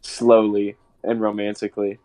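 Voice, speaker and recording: A man's voice: lowish voice, monotone, normal speed, mellow. A man guesting on a show, laid-back and crude while improvising a silly story. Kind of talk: improvised comedy story with a friend.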